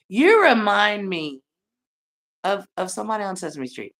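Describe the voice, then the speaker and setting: A middle-aged American woman ranting on her livestream, brash and profane, laughing often and swinging between loud and soft. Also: medium pitch, animated, normal speed, creaky. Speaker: livestream host. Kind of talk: rambling livestream rant.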